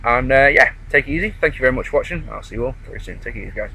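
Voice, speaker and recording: A man's voice: medium pitch, expressive, very fast, bright, forceful tone, slight background noise, poor audio. A man chatting casually outdoors in a park, rambling through a wrestling show review. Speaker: wrestling vlogger.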